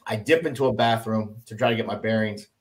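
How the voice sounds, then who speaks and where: A middle-aged man, a former army officer, telling a story in casual conversation and acting out the dialogue with lively jumps in his voice. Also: fast talker. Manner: animated, acts out quoted dialogue with jumps in pitch.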